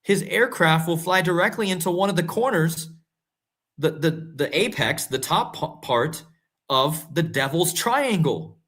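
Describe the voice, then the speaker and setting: A man hosting casual conspiracy commentary, talking straight to his viewers and growing excitable and incredulous. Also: a little high, a little slow. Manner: excitable, rising to incredulous emphasis; talks to viewers directly, often calling them guys and folks. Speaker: host.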